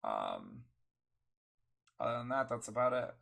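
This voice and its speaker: A man's voice: medium pitch, huge pitch swings, a little slow, gravelly, fairly bright tone. A sick young man, a streamer co-hosting a casual chat, his voice worn by a cold, talking in a rambling, self-deprecating way. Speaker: streamer and podcast co-host.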